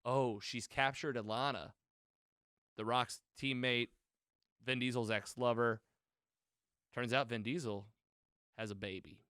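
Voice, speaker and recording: A man co-hosting a podcast, rambling through a movie recap with quoted lines and quick self-corrections. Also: mid-range voice, fairly even intonation, fairly bright tone, smooth, no room sound, studio quality. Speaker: podcast co-host. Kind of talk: casual movie recap chat.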